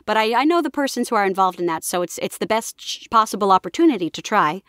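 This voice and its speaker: Brief: enthusiastic young voice actress, dry close-mic sound, mid-range pitch. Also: female voice, fast talker, no room sound. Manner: enthusiastic, animated, often slips into voices. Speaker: voice actress guest. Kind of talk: casual interview chat.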